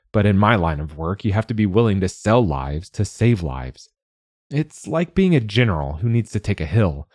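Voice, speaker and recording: A man's voice: sits low, darkish tone, no room sound. A man narrating a fantasy story in the first person with a dry, wry manner. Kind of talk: scripted audiobook narration.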